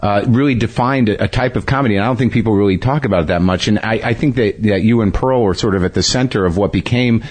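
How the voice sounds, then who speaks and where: A man hosting a podcast interview in casual chat, talking in halting bursts with many restarts and fillers. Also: fairly low pitch. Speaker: podcast host.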